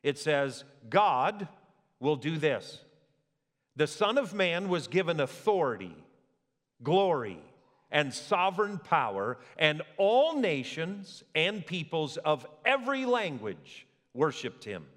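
Pastor guy preaching away, slightly high voice, big echoey church sound. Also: slow. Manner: animated preaching, rhetorical questions to the congregation. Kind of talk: sermon. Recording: long hall reverb.

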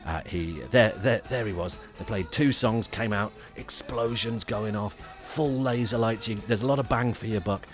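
A man, co-hosting a comedy podcast and telling a rambling, animated story. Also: fairly low pitch, moderate pace, few pauses, faint music behind. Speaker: podcast co-host. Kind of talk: casual comedy chat.

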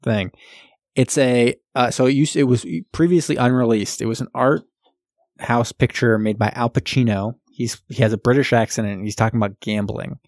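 A man with a mid-range voice chats casually on a podcast. He is relaxed and easygoing, padding his thoughts with "like". The recording is dry and close. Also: mid-range voice, normal speed, no room sound. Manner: relaxed, chatty, hedging with "like". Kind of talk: casual chat.

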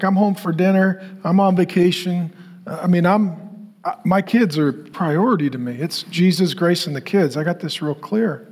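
A man's voice: high-pitched, husky. A middle-aged man preaching a sermon, telling a personal story and then building to emphatic repeated questions. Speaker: pastor.

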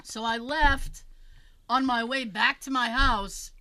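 A woman telling a story in a casual chat, animated and acting out the voices of the people in it, with frequent fillers and restarts. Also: fairly high pitch, takes it slowly, low-quality recording. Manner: animated, acts out quoted voices.

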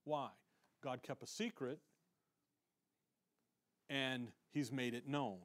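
An American man preaching a sermon, reading scripture loudly and dropping to quiet, conversational asides. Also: medium pitch, fairly even intonation, slow pace. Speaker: pastor.

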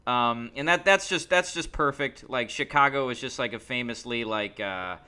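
A man co-hosts a podcast in easygoing conversation, telling joking stories with animated energy. His voice has a bright, forward tone, sitting at a middling pitch. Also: moderate pace, clean tone. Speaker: podcast co-host. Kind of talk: casual chat.

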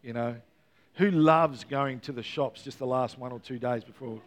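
A man's voice: medium pitch, normal speed. A man preaching a Christmas Eve sermon, earnest and repeating key words, with playful joking asides to the congregation. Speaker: pastor.

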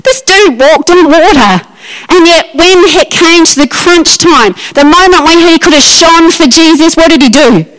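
A woman preaching a lively, emphatic sermon and acting out Bible scenes. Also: extremely high pitch, unhurried, poor audio.

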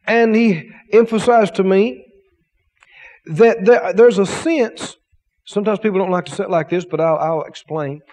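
A man's voice: high voice, lively intonation, moderate pace, mellow, long reverb tail. A man preaching a sermon as pastor, emphatic, with repetition and rhetorical questions.

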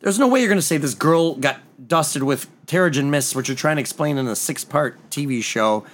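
A man's voice: a little high, animated, a little fast. A man co-hosting a podcast in casual chat, explaining comic lore at length in a knowledgeable way. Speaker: podcast co-host.

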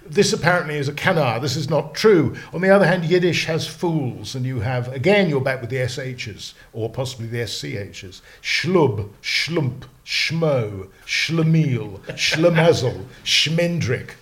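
A man talks through his slang knowledge in a loose, animated way, circling back and restarting his sentences as he goes. His voice sits at a mid pitch and the delivery is casual podcast chat. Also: brisk, few pauses. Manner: animated, digressive, many restarts. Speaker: slang lexicographer guest.

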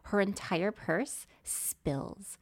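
A woman co-hosting a podcast, telling a story in a casual, animated way and acting out what people said. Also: medium pitch, extremely slow. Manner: animated, acts out voices, laughs often. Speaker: podcast co-host.

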